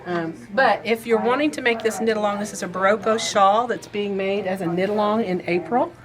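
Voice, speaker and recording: A woman's voice: medium pitch, brisk, crowd noise. A woman from Indiana hosting a casual shop update, chatty and rambling, laughing easily. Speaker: quilt shop owner and host.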